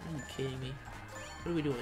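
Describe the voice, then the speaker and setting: A young man livestreaming a kart racing game, reading chat and shouting during play. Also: mid-range voice, steady tone, fast, music in the background. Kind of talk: live gameplay streaming.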